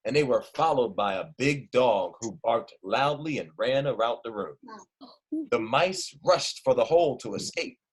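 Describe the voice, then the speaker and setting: Lively male teacher reading aloud. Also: medium pitch, normal speed, slightly rough. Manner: lively, asks the children questions. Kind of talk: reading a story aloud to children.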